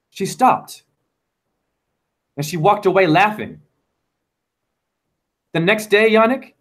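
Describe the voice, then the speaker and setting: A man in his forties talks casually as a guest, his voice sitting high and moving a lot. He tells his stories with animation and slips into the voices of the people in them. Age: 40s. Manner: animated storytelling, acting out voices of others. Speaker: guest teacher. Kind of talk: casual conversation.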